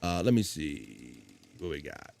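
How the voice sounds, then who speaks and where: A man's voice: very deep voice, big pitch swings, unhurried, vocal fry, darkish tone, dry recording. A man hosting a casual livestream chat show, chatting and reading viewer comments aloud. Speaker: host.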